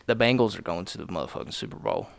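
A man's voice: deep voice, wildly swooping pitch, rapid-fire, gravelly, no echo, clean studio sound. A young man hosting a podcast, chatting casually and jokingly with plenty of swearing and fillers. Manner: loose, joking, profane, lots of fillers. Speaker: podcast host. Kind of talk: casual chat.

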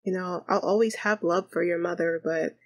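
Middle-aged father and groom, tender and earnest, quiet delivery, voiced by a woman narrator. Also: lowish voice, fairly even intonation, normal speed. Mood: heartfelt.

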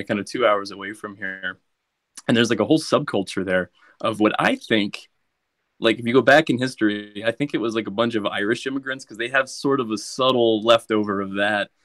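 A man's voice: on the low side, a bit bright, no echo. American man, dry close voice. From United States. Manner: friendly, storytelling, laughs while talking. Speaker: guest. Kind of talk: casual chat.

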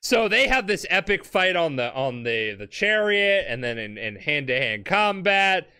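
Drunk podcast host, bright, lively and rambling, full of laughs and swearing. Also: medium pitch, measured pace, clean tone. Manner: animated, laughing, swearing, acting out characters. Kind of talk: drunk comedic storytelling.

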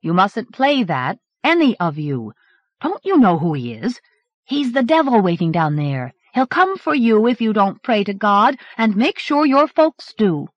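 A woman's voice: medium pitch, sing-song, measured pace, no room sound, voice pushed up. A woman reading the lines of a self-righteous, preachy young boy, from a dull 1980s cassette recording. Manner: preachy, lecturing.

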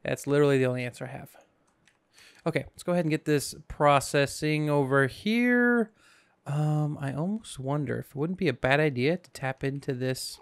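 A man's voice: fairly high pitch, lively intonation, normal speed, vocal fry, smooth, no room sound, studio quality. A man hosting a casual let's-play, talking through his game in a goofy, rambling way with jokes to himself, sleepy and yawning. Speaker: gaming channel host.

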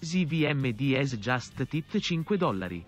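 A man's voice reading out donation alerts, flat and synthetic, with quiet music behind. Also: medium pitch, normal speed, dull audio. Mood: announcing. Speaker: donation alert text-to-speech voice.

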